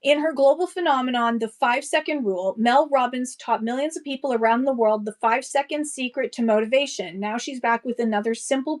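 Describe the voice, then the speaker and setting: A woman running a live-stream book sale, chatting casually with rambling asides and thanking buyers by name. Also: on the high side. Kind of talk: casual live-auction selling chat.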